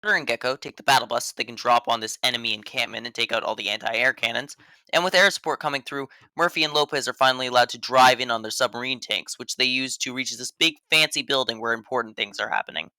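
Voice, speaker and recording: Sarcastic guy doing a scripted game review voiceover, bright punchy voice, dry close sound. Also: mid-range voice, fast talker, dry recording. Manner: sarcastic, mock-serious delivery. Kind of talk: scripted voice-over commentary.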